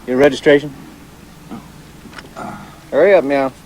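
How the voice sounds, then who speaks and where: An actor playing a smug male highway cop who speaks mock-stern and taunting in a film comedy scene. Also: a little slow, a little mellow, slight background noise, close to an everyday voice, low-quality recording. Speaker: highway patrol officer.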